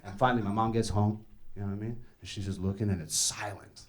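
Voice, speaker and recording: A man's voice: fairly low pitch, fairly even intonation, fast. A young man doing a profane, conversational stand-up set on a comedy club stage, telling stories and acting out other people's lines. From Ethiopian, born in Greece, raised in Canada. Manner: profane, conversational storytelling with act-outs. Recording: live club set with crowd laughter. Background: audience laughing.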